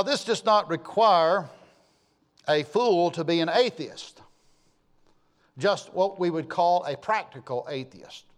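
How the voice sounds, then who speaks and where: Slow, high-voiced male preacher in a hall. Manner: emphatic, repeating key phrases. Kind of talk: sermon. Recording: long hall reverb.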